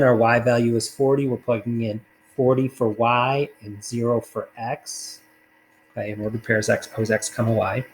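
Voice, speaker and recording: A man's voice: medium pitch, darkish tone, a little hiss or hum, rough recording. A man teaching a recorded math lesson, talking casually through worked problems with fillers along the way.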